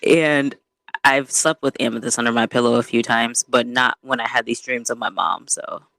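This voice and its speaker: A woman co-hosting a podcast in casual chat, talking in a relaxed, unhurried way with frequent laughter and slangy asides. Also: a bass voice, gravelly, no room sound. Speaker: podcast co-host.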